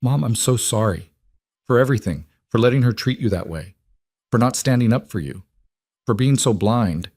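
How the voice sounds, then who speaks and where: A man's voice: medium pitch, animated, normal speed, a little mellow, no echo, clean studio sound. A man reading a story plays a betrayed grown son whose voice turns bitter and raw. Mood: tearful. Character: betrayed grown son, angry then tearful.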